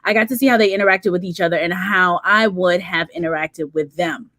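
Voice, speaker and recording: A woman's voice: fairly low pitch, a little fast, fairly bright tone, dry recording. Laughing woman reading chat comments, dry sound. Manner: reads viewer comments aloud, laughs often. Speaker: livestream co-host. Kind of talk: casual livestream chat.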